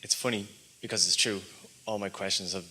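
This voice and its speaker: Guy in the audience asking a question, really low voice but bright and forceful. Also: steady tone, fairly quick, slight background noise. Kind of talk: casual spoken question.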